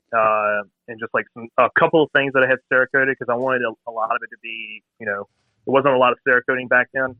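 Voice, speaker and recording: A man's voice: mid-range voice, no echo. Man, 30s, chatty interview guest acting out stories, tinny phone-line sound, dry. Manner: animated, acts out phone calls in quoted voices. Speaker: bike builder guest. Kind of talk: casual storytelling interview.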